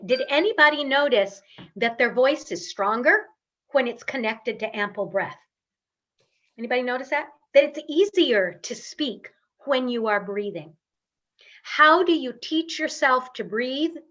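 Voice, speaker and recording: Slow-spoken woman coaching breathing. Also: a little high, highs cut off. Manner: slow, calm, guiding instructions. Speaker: voice and speaking coach. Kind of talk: online workshop instruction with guided breathing.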